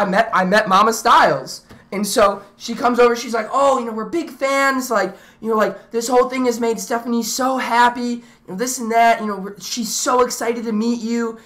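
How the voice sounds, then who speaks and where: A young woman streamer telling a story to her live chat in a rambling, excitable way, full of restarts and fillers. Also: a little high.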